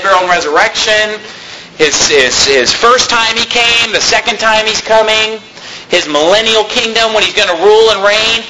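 A man's voice: sits high, bright, forceful tone, slight background noise, low-quality recording. A man preaching a sermon as pastor, reading scripture aloud and rising sharply on his exhortations.

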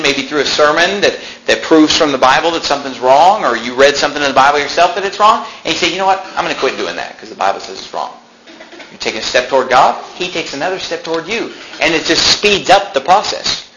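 A man preaching a sermon as pastor, emphatic, swinging between loud peaks and quiet drops. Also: on the high side, noisy background.

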